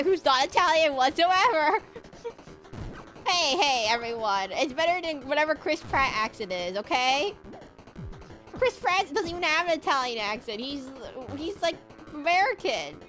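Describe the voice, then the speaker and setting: Woman streamer, high voice, giggly rambling chat, faint game music behind. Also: expressive, moderate pace, fairly bright tone. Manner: giggly and rambling, chatting with viewers. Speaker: VTuber streamer. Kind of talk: casual livestream chat while gaming.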